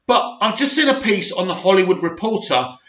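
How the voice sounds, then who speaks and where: Very animated and a little fast, the man speaks in a high-pitched, slightly bright voice. He hosts his own channel and rants about an article he's reading, mocking it sarcastically and scornfully with frequent laughter, in an echoey room with dull lo-fi sound.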